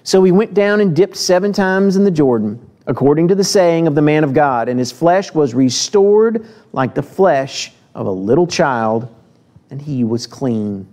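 A man preaching a sermon in a church, his voice sitting a little high for a man. He reads scripture aloud and gives its speakers lively acted voices. Then he turns to the congregation and talks plainly, asking them direct questions. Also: normal speed. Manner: asks the listeners direct questions.

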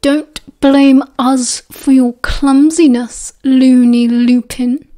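Casting: British woman putting on a sneering teen boy, high-pitched, slow mocking drawl, audiobook figure. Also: steady tone, warm tone. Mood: cold.

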